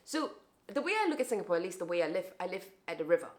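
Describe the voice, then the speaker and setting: A woman's voice: lowish voice, very animated, very fast. A young adult woman vlogging to camera in a casual, reflective way, often restarting and repeating words.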